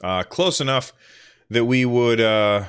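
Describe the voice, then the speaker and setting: A man's voice: medium pitch, slow pace, clean tone. A man from the northern United States hosting a casual solo podcast livestream, telling rambling, self-deprecating stories. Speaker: podcast host.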